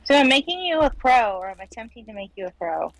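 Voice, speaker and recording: Woman chatting casually, lightly raised pitch. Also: big pitch swings, fast talker, no room sound, poor audio. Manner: storytelling, acts out her own quoted lines. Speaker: streamer co-host. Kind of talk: casual chat while making art.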